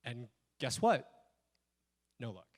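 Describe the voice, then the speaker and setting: A man tells a personal story to a live audience, with a voice of middling pitch. He is animated, and he acts out the lines he quotes in shifting voices. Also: slow pace. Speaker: speaker telling a personal story. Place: stage at a speaker event.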